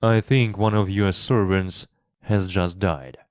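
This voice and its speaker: A man playing a grave young Englishman in a storybook, low and sober, unhurried and measured. The voice sits close to the mic in a dry space. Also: fairly even intonation, a little mellow, smooth, no room sound. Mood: serious. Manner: grave and serious. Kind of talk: storybook reading with character voices.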